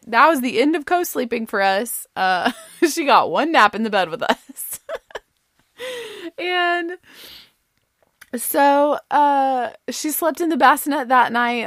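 Mom telling a story to the camera, talks fast and loose with lots of "like", dry close sound. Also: female voice, high voice, dry recording. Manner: chatty and animated, full of "like" and "you know", laughs often. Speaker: storyteller sharing a family anecdote; mother. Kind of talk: casual personal storytelling.

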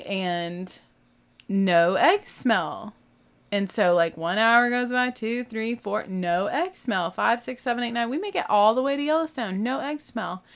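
A middle-aged woman casually telling a family road-trip story, acting out everyone's lines with lively, rising panic. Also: medium pitch. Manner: animated, acts out family dialogue with rising panic.

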